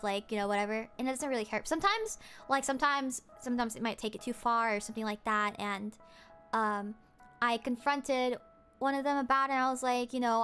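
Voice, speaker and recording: Rambling young woman streamer, high voice. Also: moderate pace, fairly bright tone, faint music behind. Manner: rambling, many fillers, quotes others. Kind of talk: casual rant to chat.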